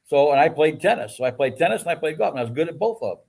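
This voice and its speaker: An older man, a guest and the host's father, telling energetic, boastful stories in casual chat. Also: a little high, racing, vocal fry, slightly rough.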